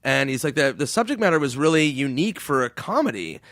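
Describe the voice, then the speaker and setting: A man chatting as a comedy guest on a podcast, telling stories with lots of swearing, fillers and animated bursts. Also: mid-range voice, fast talker, no room sound, clean studio sound. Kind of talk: casual podcast chat.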